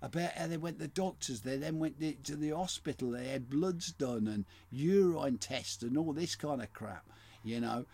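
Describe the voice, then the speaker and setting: A man's voice: a little high, normal speed, a little mellow, breathy edge. A man co-hosting a podcast, telling a rambling story in casual chat with frequent restarts. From England. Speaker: podcast co-host.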